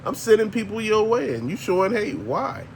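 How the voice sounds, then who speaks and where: A man's voice: sits high, very animated, normal speed, creaky, slight background noise. An older man, ranting bluntly and profanely as a channel host, laughing often. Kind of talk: casual ranting monologue.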